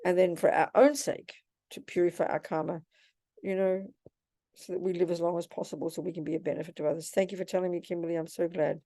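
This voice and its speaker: A woman's voice: lowish voice, level tone, quick pace, dark tone, no room sound, studio quality. An older woman, a Buddhist nun, teaching in a question-and-answer session, blunt and scolding but calling people darling.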